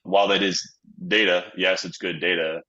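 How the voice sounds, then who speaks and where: A man's voice: sits low, level tone, normal speed, pushed and bright, muffled recording. A man on a webinar panel, explaining in a matter-of-fact way.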